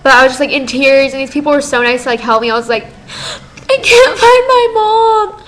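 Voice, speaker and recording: A fifteen-year-old girl telling a story in a casual vlog, chatty and animated, full of "like". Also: high voice, very fast, poor audio. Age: teens. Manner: chatty, lots of "like", animated retelling. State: tired. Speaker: vlogger.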